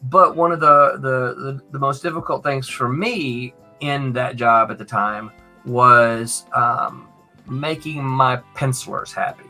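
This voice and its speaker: A man's voice: medium pitch, unhurried, faint music behind. A man being interviewed about his years as a comics editor, telling anecdotes and acting out the people he quotes, often checking in with "right?". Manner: animated, acts out quoted voices, tag questions "right?". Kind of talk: storytelling interview chat.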